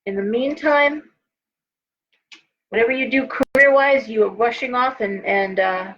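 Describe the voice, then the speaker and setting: A middle-aged woman with a fairly high voice hosts a live tarot reading, chatty and rambling as she circles back over her points. She sounds tired, and the stream audio is dull and lo-fi. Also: unhurried, fairly bright tone. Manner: chatty, rambling, frequent restarts and asides. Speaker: host and tarot reader.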